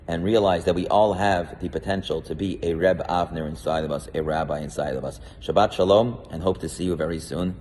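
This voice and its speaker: Male rabbi, very low voice, casual storytelling sermon, long reverb, faint background noise. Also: fairly even intonation, brisk, few pauses, darkish tone. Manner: storytelling with frequent restarts and fillers. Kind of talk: weekly Torah portion talk.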